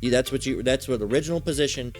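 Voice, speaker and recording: A man's voice: mid-range voice, rapid-fire, darkish tone. Profane man preaching over faint music. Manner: profane, repeats "all right?" after each point. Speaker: religious teacher. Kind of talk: street preaching lesson.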